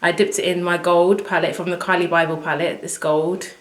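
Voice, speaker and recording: A woman chatting to viewers as she works through a casual makeup tutorial at home, excitable and talking as she goes. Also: fairly low pitch, brisk. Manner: chatty, excitable, talks to viewers while working. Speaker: beauty vlogger. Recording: echoey room.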